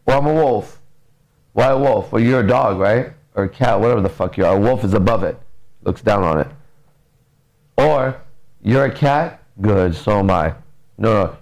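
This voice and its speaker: A man's voice: on the low side, poor audio. A man coaching on relationships in a blunt, profane, casual podcast talk. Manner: blunt, profane, lively storytelling.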